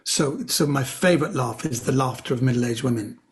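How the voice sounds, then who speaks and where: A middle-aged man, a comedian guest, chatting casually and telling jokes with animated delivery and quick character voices. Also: medium pitch. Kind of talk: casual storytelling chat.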